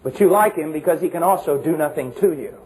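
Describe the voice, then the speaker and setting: A man preaching with a notably high voice. He hammers his points with repetition and pointed rhetorical questions. His delivery lurches between raised, almost shouted declarations and low, hushed warnings. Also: fast, a little hiss or hum, rough recording. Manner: impassioned, emphatic, swings between shouting and hushed low tones. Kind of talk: sermon.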